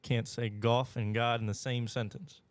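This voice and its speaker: A man's voice: mid-range voice, level tone, moderate pace, dry recording. A man co-hosting a sports betting podcast in a radio studio, laid-back with dry remarks. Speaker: podcast co-host. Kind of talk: casual sports betting chat.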